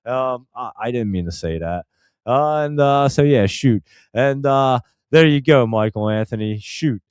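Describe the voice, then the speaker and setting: A man's voice: medium pitch, unhurried, darkish tone, clear, resonant tone, dry recording, studio quality. A man hosting a stock market show, chatting casually and rambling with many fillers and restarts. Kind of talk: casual live-stream chat.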